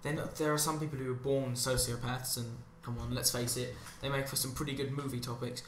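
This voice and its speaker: A man's voice: mid-range voice, little pitch movement, brisk, slight background noise. A man giving a rambling, sarcastic monologue as commentary over gameplay, drifting onto tangents. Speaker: commentary channel host. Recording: roomy echo with faint ambience.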